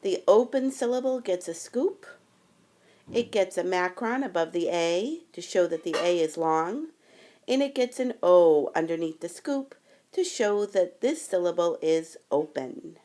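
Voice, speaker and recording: A woman teaching a phonics tutorial, explaining step by step in a careful, deliberate way. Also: on the low side, lively intonation, mellow.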